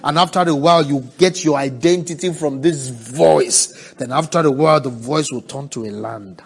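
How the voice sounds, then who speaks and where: A man preaching a sermon, asking the congregation for responses and swinging from hushed, drawn-out words to loud cries. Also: on the high side. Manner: preaching with call-and-response, swelling to shouts.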